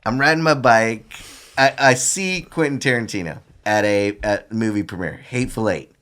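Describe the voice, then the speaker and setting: A middle-aged man telling animated, laughing stories as a podcast guest. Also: lowish voice, normal speed. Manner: animated, laughing storyteller with lots of "I'm like". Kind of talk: casual storytelling.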